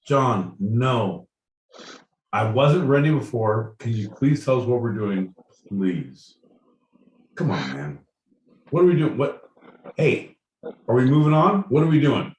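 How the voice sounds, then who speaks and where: A man's voice: mid-range voice, big pitch swings, slow, pauses often, a little mellow, distant mic. A man co-hosting a comedy podcast, bantering with mock outrage and lots of swearing. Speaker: podcast co-host. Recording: echoey room, voice from off-mic.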